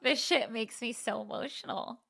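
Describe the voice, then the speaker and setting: A woman's voice: a little high, normal speed, vocal fry, sharp tone, no room sound, clean studio sound. A woman co-hosting a casual podcast, reading a listener's email aloud and laughing easily. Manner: laughs easily, gets choked up. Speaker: podcast co-host.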